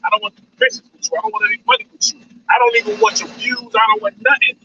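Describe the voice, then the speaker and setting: A man's voice: very high voice, wildly swooping pitch, rapid-fire, bright, forceful tone, dull audio. Man, 40s, live-stream host. Preachy and repetitive, sounds distant with faint noise. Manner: preachy, repeats lines, says "man" a lot. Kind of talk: casual monologue on a live stream.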